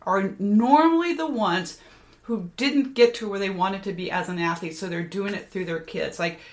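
A woman's voice: mid-range voice, moderate pace. An older woman who is a parenting coach, talking as a guest in a casual podcast conversation and telling stories with emphatic energy. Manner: animated, emphatic storyteller.

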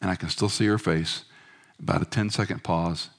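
A middle-aged male pastor preaching a sermon in a church, swinging between emphatic bursts and hushed, quiet lines. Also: low-pitched, steady tone, normal speed, creaky.

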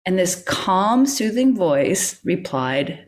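A woman's voice: mid-range voice, expressive, moderate pace. A middle-aged woman telling a personal story as a podcast guest, acting out her own inner dialogue and often laughing.

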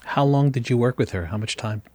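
A man hosting an interview, asking searching questions with halting, restarting phrasing. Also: medium pitch, mellow, no echo. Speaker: podcast host.

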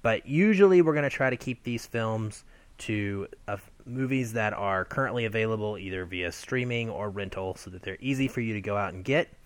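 A man's voice: lowish voice, a little fast, no room sound. A man co-hosting a podcast, laying out the episode format in an orderly, step-by-step way. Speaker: podcast co-host. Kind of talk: scripted-sounding episode intro.

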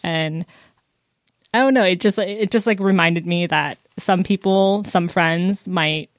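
A woman's voice: lowish voice, measured pace, dry recording, clean studio sound. A woman in her twenties chatting casually about a book, with lots of fillers and bits where she quotes people. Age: 20s. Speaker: book discussion co-host.

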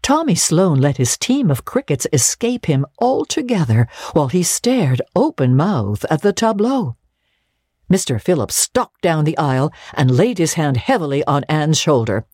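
Expressive, husky woman narrator. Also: deep voice, moderate pace, no echo, clean studio sound. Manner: expressive, storytelling delivery. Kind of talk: dramatic reading of a classic novel.

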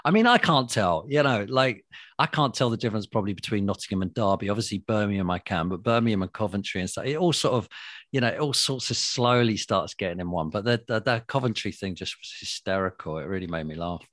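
A middle-aged man with a London accent, a guest telling TV stories in a lively way, laughing and swearing freely. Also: fairly low pitch, fast, no room sound, studio quality. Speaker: guest, former TV presenter. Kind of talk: casual reminiscing chat.

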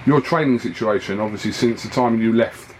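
A man's voice: lowish voice, a little fast, darkish tone, slight background noise, poor audio. A man interviewing a boxer in a casual, chatty and self-deprecating way. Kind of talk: casual fight-week interview.

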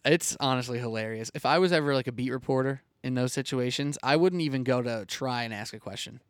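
A man's voice: mid-range voice, quick pace, dry recording, studio quality. A young man hosting a sports talk show, chatting casually, laughing easily and drawing out his words.

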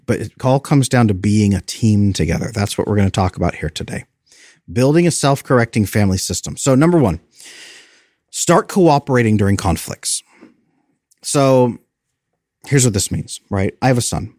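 A man in his thirties giving earnest parenting advice, explaining his points and repeating them for emphasis, his voice jumping up when he gets animated. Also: on the low side, normal speed, dry recording, studio quality. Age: 30s.

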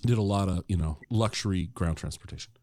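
A man's voice: sits low, fast, dry recording, clean studio sound. A middle-aged man telling a long anecdote in a casual, conversational way, acting out the dialogue as he goes. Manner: animated, acts out quoted dialogue; conversational, with fillers and restarts. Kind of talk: casual storytelling.

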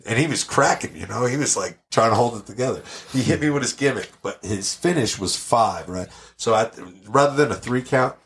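This man, a podcast guest, speaks in a brisk, mid-range voice. He spins brash, profane stories with lots of animation in a relaxed, casual exchange.

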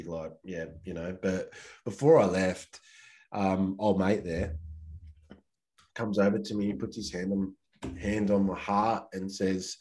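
Deep-voiced laid-back Australian man. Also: steady tone, normal speed, a little mellow. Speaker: podcast guest. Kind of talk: casual storytelling.

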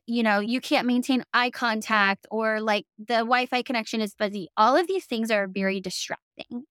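A young business coach from the American South gives a chatty, upbeat lesson to camera, peppering it with "like." She has a fairly high, fairly bright and clean-toned voice, recorded in a clean studio with no echo.

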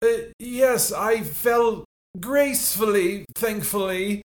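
A man's voice: high voice, slow pace. A man voicing a small, polite, bug-like male creature, speaking sheepishly from off the mic.

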